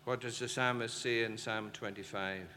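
A man's voice: medium pitch, fairly even intonation, normal speed, sharp tone. A man preaching a sermon in an impassioned way, firing emphatic rhetorical questions at his listeners. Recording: reverberant hall, faint ambient noise.

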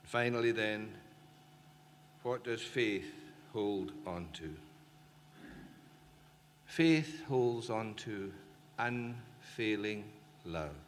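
A man's voice: fairly low pitch, drawn-out words, long pauses. A man preaching a sermon in an impassioned way, firing emphatic rhetorical questions at his listeners. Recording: reverberant hall, faint ambient noise.

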